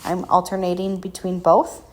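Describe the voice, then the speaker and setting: A woman's voice: fairly low pitch, monotone, normal speed. A woman hosting a painting and crafting tutorial, talking casually and self-deprecatingly with frequent ums. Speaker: craft shop tutorial host.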